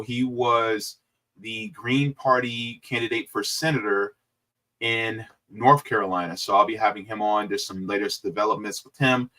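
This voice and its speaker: A man's voice: lowish voice, pushed and bright. A man hosting a casual livestream, talking to viewers in a loose, rambling way with plenty of fillers. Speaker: livestream host.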